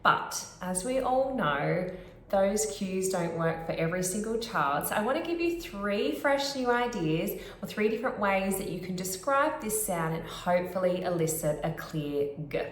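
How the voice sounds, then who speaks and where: A woman speech pathologist, explaining therapy techniques clearly and demonstrating sounds. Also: medium pitch, reverberant, a little hiss or hum. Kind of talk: instructional explanation to camera.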